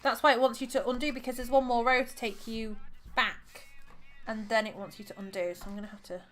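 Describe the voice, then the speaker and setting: Woman, livestream host, fairly high voice, chatty, thinks aloud, faint background music. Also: little pitch movement, a little fast. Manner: chatty, thinks aloud, counts stitches under her breath. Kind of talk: casual crafting livestream. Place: home.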